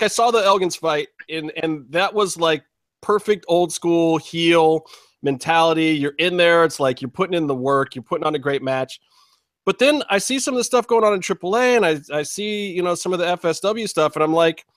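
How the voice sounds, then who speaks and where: A man's voice: on the high side, fairly bright tone, no echo, clean studio sound. A man hosting a wrestling podcast, asking long, rambling questions with casual swearing. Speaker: podcast host.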